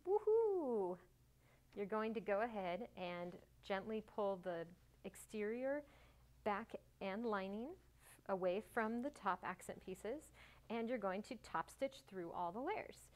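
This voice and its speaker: A woman hosting a sewing tutorial, talking casually and cheerfully through each step, joking at herself and breaking into little bursts of excitement. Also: mid-range voice, a little slow. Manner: chatty, self-mocking, bursts of excitement.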